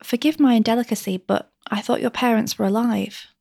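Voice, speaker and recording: A woman's voice: a little high, a little fast, creaky, darkish tone, dry recording, studio quality. A woman putting on a gushing eager young mistress. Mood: pleading. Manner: gushing, pleading, rising.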